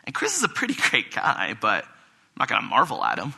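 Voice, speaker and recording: A young man preaches to a congregation in a relaxed, conversational way. His voice is very bright and forward, and he slips into little acted-out quotes as he talks. The pitch sits in the middle for a man. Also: fairly quick, creaky, breathy edge. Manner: conversational, animated, acts out quotes with laughs. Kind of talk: casual sermon. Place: church hall with a congregation.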